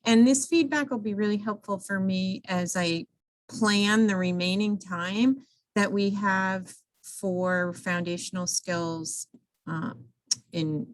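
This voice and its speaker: A woman's voice: medium pitch, fairly even intonation, takes it slowly, no echo, poor audio. A woman talking through slides for teachers in a conversational way, with frequent restarts and fillers. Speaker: instructional coach presenting to teachers. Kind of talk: recorded slide-show recap for teachers.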